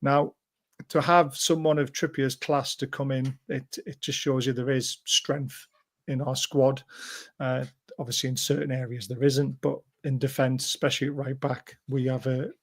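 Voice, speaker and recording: Casting: mid-pitched male host, excitable football chat, tag questions. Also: moderate pace. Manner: enthusiastic, chatty, asks tag questions. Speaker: fan channel host. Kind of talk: football match discussion.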